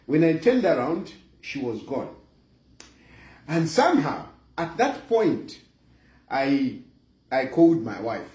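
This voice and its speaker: A middle-aged Zambian man with a Zambian accent telling a comic personal story, animated and chuckling, with lots of fillers. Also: medium pitch, takes it slowly, pauses often. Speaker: vlogger. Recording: roomy echo.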